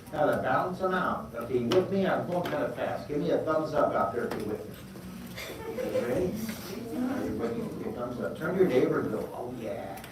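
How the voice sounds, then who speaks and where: A man teaching a live drawing lesson to schoolchildren. He encourages them warmly and calls out for responses. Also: mid-range voice. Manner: energetic, encouraging, call-and-response. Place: large school hall. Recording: very echoey hall, distant mic, noise.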